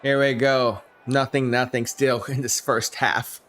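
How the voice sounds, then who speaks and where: Unhurried and fairly bright, this medium-pitched voice stays fairly flat in pitch. The man is streaming a simulated game, calling the action, leaping up at big moments, and replying casually to chat.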